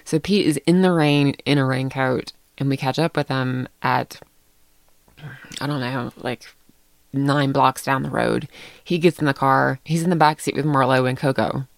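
A middle-aged woman telling a story in casual chat, animated and laughing often. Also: a bass voice, moderate pace, gravelly, no echo.

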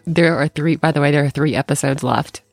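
A woman's voice: deep voice, fairly even intonation, fairly quick, a little mellow, no echo. A middle-aged woman co-hosting a podcast in casual chat, rambling with restarts and laughing often. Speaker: podcast co-host.

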